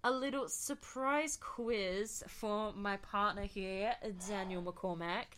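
Bright, giggly woman podcast host. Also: medium pitch, fairly even intonation, slow, smooth. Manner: giggly, swearing, playful. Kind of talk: casual chat quiz. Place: in bed at home.

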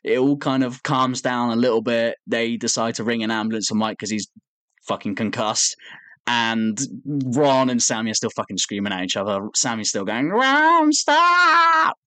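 Young male podcast co-host, animated sweary storyteller, average pitch, dry close mic. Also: moderate pace, no room sound. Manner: animated storytelling, swears a lot, acts out quotes. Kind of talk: casual chat.

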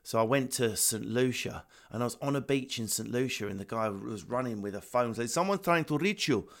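Essex guy on a video call chatting fast, swears a lot, mid pitch. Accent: Essex English. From England. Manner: fast, energetic, swearing, acts out voices. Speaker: stand-up comedian guest. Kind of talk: animated casual interview chat. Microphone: remote video call.

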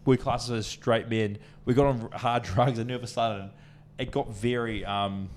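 A man's voice: mid-range voice, steady tone, moderate pace, a little mellow, slight background noise. A young man, co-hosting a podcast and telling a long rambling story, full of swearing and acted-out quotes. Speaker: podcast co-host. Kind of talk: casual storytelling chat.

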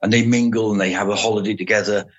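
An older man, a former soldier and police officer, recounting stories in a matter-of-fact, unhurried way as a podcast guest. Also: fairly low pitch, fairly even intonation. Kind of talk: casual storytelling. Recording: dull lo-fi audio.

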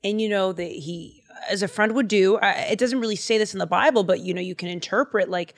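A woman co-hosting a podcast, retelling a Bible story in casual chat, animated and slangy, acting out the dialogue. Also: mid-range voice, a little fast. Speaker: podcast co-host.

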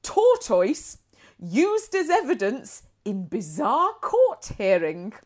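A high-voiced woman co-hosts a laid-back chat, her pitch rising and falling a lot as she talks. She laughs often and comes back fast with witty reactions. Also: huge pitch swings, darkish tone. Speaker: podcast co-host. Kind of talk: casual chat.

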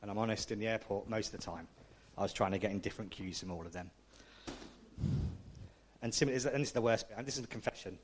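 A man's voice: fairly low pitch, quick pace, a little hiss or hum. A man preaching a conversational, self-deprecating sermon, often checking in with the congregation. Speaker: pastor.

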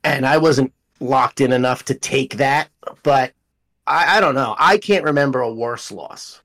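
A young adult man co-hosting a casual sports podcast, telling animated stories and swearing freely. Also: medium pitch, a little slow. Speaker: podcast co-host.

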